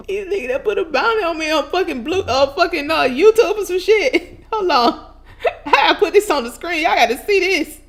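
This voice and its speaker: A woman with a high voice speaks in on her own vlog. She rants loosely and profanely to her viewers, breaking into laughter and sounding openly incredulous. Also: lively intonation, normal speed. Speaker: channel host. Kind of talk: casual ranting vlog.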